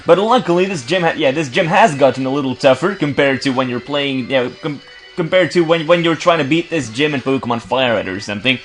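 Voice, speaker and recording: Soft music plays behind a Belgian man doing let's play commentary in an animated, medium-pitched voice at a slightly fast clip. His casual narration is full of stutters, restarted words, and sarcastic, joking asides.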